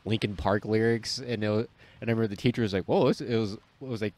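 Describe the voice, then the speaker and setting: A man's voice: fairly low pitch, steady tone, fast, a little mellow, no room sound. A young man with a stuffy nose, co-hosting a podcast and telling rambling stories full of restarts and acted-out quotes. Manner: rambling storyteller, many restarts and quoted voices. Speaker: podcast co-host. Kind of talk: casual chat.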